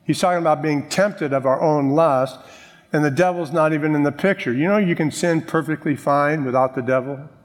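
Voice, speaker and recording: A male pastor preaching a sermon, joking with the congregation and slowing down to stress key words. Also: on the high side. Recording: long reverb of a large hall.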